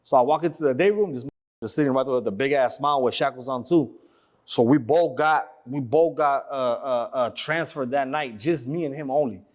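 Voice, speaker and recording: A man's voice: mid-range voice, fairly quick. A man telling a story as an interview guest, casually, in slangy, profane talk that rambles with many fillers.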